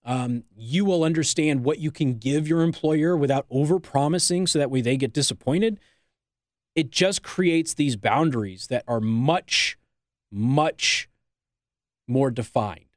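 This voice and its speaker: A man's voice: mid-range voice, unhurried, no room sound, clean studio sound. A man hosting talk radio, giving blunt, teasing advice in an opinionated monologue. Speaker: radio talk show host. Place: radio studio.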